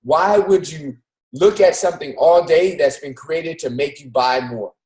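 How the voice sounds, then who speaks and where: A man's voice: on the high side, a little slow, a little mellow, reverberant, rough recording. A man co-hosting a live motivational show on a video call, preaching to listeners and urging them again and again to think about it. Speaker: physical therapist. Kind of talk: motivational talk.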